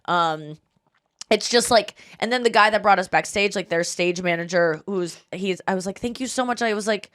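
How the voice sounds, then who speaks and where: A woman's voice: medium pitch, normal speed. A woman in her thirties hosting a podcast, telling a story in casual chat and acting out what people said. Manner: animated storytelling, acts out quoted voices. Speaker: podcast host.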